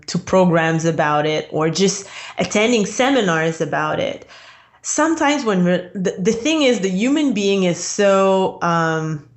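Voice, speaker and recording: A woman guest on an interview podcast, talking about business in a chatty way with many fillers and frequent laughs. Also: low-pitched. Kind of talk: casual interview chat.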